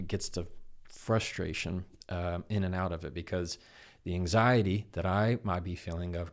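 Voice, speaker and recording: A man's voice: sits low, normal speed. A man in his thirties, a guest on an interview show, explaining how to handle difficult conversations and acting out quoted dialogue. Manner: animated, acts out quoted dialogue. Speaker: guest, communication expert.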